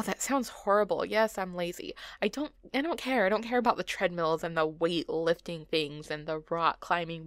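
A woman's voice: medium pitch, a bit bright, clear, resonant tone, dry recording. Chatty, rambling woman with a dry voice. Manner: rambling and self-mocking, with frequent laughs and tangents. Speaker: gaming channel host. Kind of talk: casual voice-over chat over a building video.

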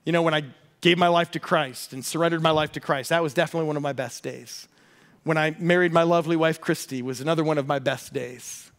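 Animated, high-voiced man preaching. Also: fast. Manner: animated storytelling with humor. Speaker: pastor. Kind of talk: sermon.

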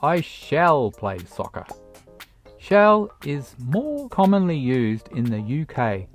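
Slow, lively-pitched grammar lesson narrator. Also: faint music behind. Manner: slow, deliberate explaining with read-out examples. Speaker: English teacher.

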